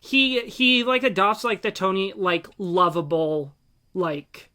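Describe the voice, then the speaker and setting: A young man co-hosting a podcast, chatting casually and excitedly, rambling off on tangents with lots of fillers. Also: sits high, slow pace, smooth. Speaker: podcast co-host. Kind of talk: casual chat.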